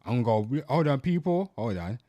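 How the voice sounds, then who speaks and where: A man's voice: medium pitch, big pitch swings, a little fast, mellow, no echo, muffled recording. A young man hosting his channel in a brash, crude, repetitive way, hyping merchandise and calling out to viewers. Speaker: host. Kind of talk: brash comedic channel talk.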